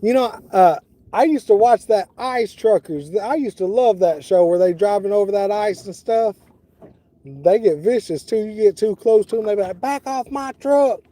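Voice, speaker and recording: A man's voice: sits high, normal speed, dark tone. A middle-aged man chatting casually on a fishing livestream, talking to viewers by name, outdoors on a boat on the water. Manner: laid-back, talks to viewers by name. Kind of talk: casual live-stream chat.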